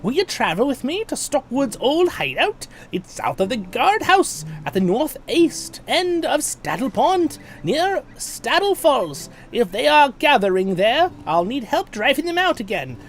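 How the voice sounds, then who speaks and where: Earnest village woman handing out a quest in a fantasy game, high and bouncy in tone, voiced by a man in falsetto. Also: very animated, unhurried, few pauses, full character voice. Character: earnest young woman townsfolk quest-giver.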